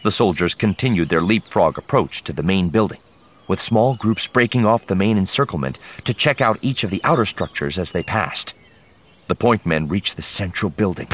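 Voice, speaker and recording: A man's voice: deep voice, animated, normal speed, slight background noise. A man narrating an audiobook dramatically, voicing each character himself.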